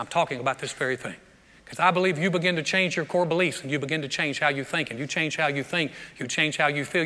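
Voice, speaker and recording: Bright-voiced pastor preaching in a reverberant hall. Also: male voice, fairly high pitch. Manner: conversational preaching with frequent word repeats. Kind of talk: sermon. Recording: long reverb of a large hall.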